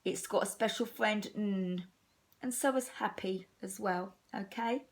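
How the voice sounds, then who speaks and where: An English woman teaching young children a phonics lesson, slow, sing-song and encouraging, stretching words out. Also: medium pitch. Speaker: primary school teacher.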